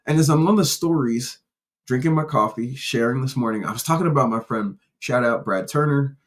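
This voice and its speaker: A man's voice: mid-range voice, fairly quick. A man hosting a casual solo podcast, telling personal stories in a rambling, candid way with restarts and casual profanity. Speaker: podcast host.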